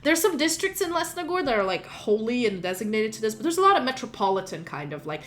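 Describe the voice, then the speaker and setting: A woman's voice: a little high, sing-song, fast, fairly bright tone. A woman narrating as game master of a tabletop role-play stream, rambling with lots of fillers. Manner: rambling, filler-heavy, laughing asides.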